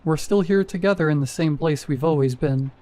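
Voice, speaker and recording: A man reads out a young husband who speaks softly, gently coaxing his frightened wife. The tone is mellow and a little higher than usual for a man, in a storybook reading. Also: fairly quick, lightly acted. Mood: gentle. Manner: soft, coaxing.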